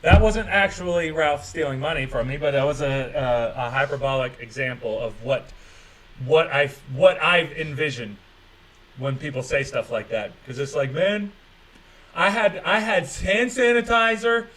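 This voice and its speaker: A man's voice: medium pitch, normal speed, low-quality recording. A man hosting a casual livestream chat, rambling and swearing, mocking people's excuses with sarcasm and reading viewer comments aloud. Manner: profane, sarcastic, mocking voices of others. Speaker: livestream host.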